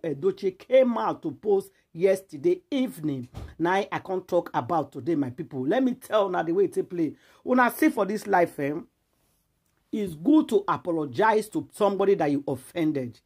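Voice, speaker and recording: A woman's voice: on the low side, expressive, moderate pace, darkish tone, breathy edge. A Nigerian woman giving emphatic gossip commentary as a vlogger, lecturing her viewers in a preachy, repetitive way.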